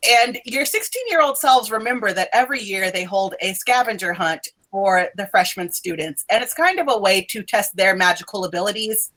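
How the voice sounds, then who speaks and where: A woman narrating a tabletop role-playing game as game master, playful and quick to laugh. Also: medium pitch, lively intonation, fairly bright tone, rough recording.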